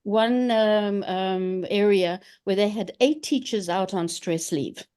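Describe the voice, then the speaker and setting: A woman's voice: mid-range voice, takes it slowly, darkish tone, clear, resonant tone. A woman language instructor speaking emphatically in a webinar discussion over a video call.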